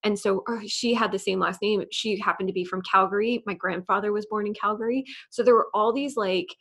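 Podcast guest, woman, New York accent, slight lisp, animated storyteller, lots of "like". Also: medium pitch, brisk. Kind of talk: casual interview chat.

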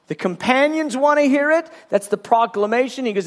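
Guy preaching a sermon, pretty high voice, fervent, keeps restarting phrases. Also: animated, moderate pace, few pauses. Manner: fervent, emphatic, with repeated restarts. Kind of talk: sermon teaching.

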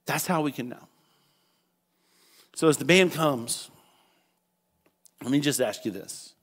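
A male pastor preaching a sermon in a church, animated and acting out voices, at times rising to a shout. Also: medium pitch, slow pace. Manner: animated, acts out quoted voices, rises to shouts.

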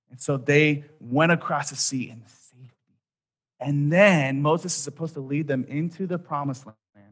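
A man in his thirties preaching a sermon, telling a story with quoted voices and dropping soft at key points. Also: fairly high pitch. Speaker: pastor.

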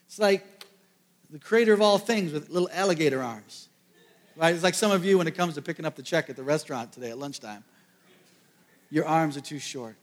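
Animated male pastor in an echoing hall. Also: fairly high pitch, fairly quick, pauses often. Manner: animated storytelling, jokey asides. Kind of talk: sermon.

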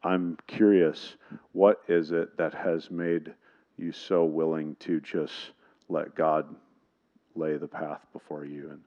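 A man with a remarkably deep voice speaks in a loose, halting way, feeling for his words as he addresses a guest. The sound is dull and lo-fi. He comes across as earnest and informal. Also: flat delivery, warm tone. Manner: casual, searching, hesitant phrasing. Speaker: pastor introducing a guest. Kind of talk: church introduction.

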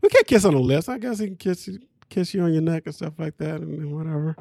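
A man recaps a reality show on a podcast in loose, slangy talk, his voice sitting a little high. He gets animated and breaks into laughs often. The recording is dry and close to the mic. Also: fast, vocal fry, no room sound. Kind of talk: casual show recap chat.

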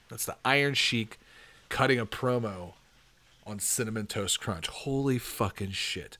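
A man hosting a show, chatting casually and reacting with excited laughs and swearing as he types prompts. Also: lowish voice, a little slow. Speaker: podcast host. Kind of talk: casual commentary while typing prompts.

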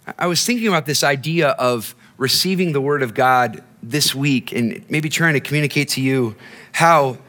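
Bright-voiced male pastor in a hall. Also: medium pitch, moderate pace. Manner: storytelling, conversational, repeats and restarts phrases. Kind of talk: sermon. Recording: long hall reverb.

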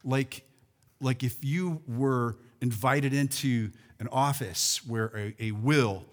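A man preaching a sermon as pastor, animated, calling out to his congregation and swinging between loud and soft. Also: mid-range voice, slow. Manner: animated preaching with call-and-response and swings in loudness. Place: church sanctuary.

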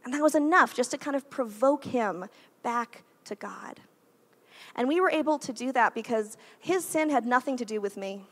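A woman's voice: a little high, lively intonation, normal speed. A woman in her thirties, a guest preacher giving a conversational sermon in a church, with frequent "like" and "right?" asides. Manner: chatty, uses "like" and "right?" often.

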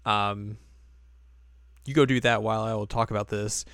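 A woman's voice: rumbling low, fairly even intonation, normal speed, creaky, dry recording. A woman co-hosting a casual podcast, recapping an anime episode and acting out the characters in silly voices. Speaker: podcast co-host.

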